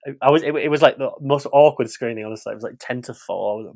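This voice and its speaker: A man talks through a film review in a loose podcast chat. He is blunt and curses freely, tripping over his own restarts. His voice sits at an ordinary middle pitch. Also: fast. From West Yorkshire, England. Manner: frank and blunt, swears freely, tumbling restarts.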